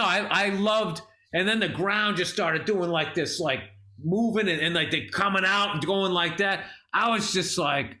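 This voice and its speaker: A middle-aged man chats on a comedy podcast, his voice pitched high and ringing bright. He tells stories with animated energy and a steady stream of swearing. He sounds close to a studio podcast mic. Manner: animated storytelling, heavy swearing. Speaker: podcast co-host. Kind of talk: casual comedy podcast chat.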